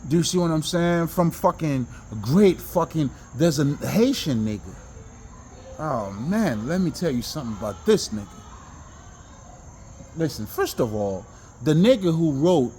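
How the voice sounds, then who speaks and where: A man talking in a casual, rambling monologue about self-improvement, animated and profane, with many restarts and bursts of laughter. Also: a little high, unhurried, pauses often, a little hiss or hum. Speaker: self-help talker.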